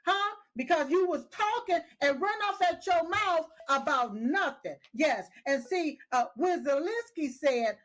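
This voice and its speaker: Emphatic high-voiced woman commentator. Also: lively intonation, unhurried, few pauses, fairly bright tone. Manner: emphatic, repeats herself with "yes, yes" and "uh-huh"; scolding, talks straight at the people she criticizes. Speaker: political commentator. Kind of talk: casual opinionated commentary.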